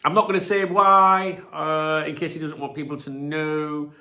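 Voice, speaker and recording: A man's voice: a little high, level tone, moderate pace, bright, forceful tone. A man hosting a casual live-stream chat, rambling and blunt, swearing freely, with plenty of filler words and restarts. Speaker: channel host.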